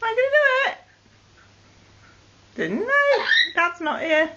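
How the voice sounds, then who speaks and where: A woman's voice: extremely high pitch, sing-song, slow pace, sharp tone, slight background noise. A woman doting on her pet parrots at home in playful, coaxing baby talk, heard through dull lo-fi home video sound. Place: living room at home with perched parrots.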